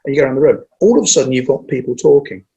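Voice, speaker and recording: A man who trains people in presenting, talking in a lively conversational way and acting out what an audience says. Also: mid-range voice, gravelly, dull audio. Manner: energetic, acts out audience lines, speeds up and slows down on purpose. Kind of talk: casual conversational interview.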